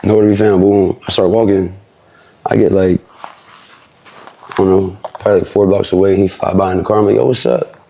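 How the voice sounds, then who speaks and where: Fast, gravelly, low-voiced young man. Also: flat delivery, dark tone, slight background noise. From Philadelphia. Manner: street slang, fast and rambling. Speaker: interview guest, rapper. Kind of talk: casual storytelling.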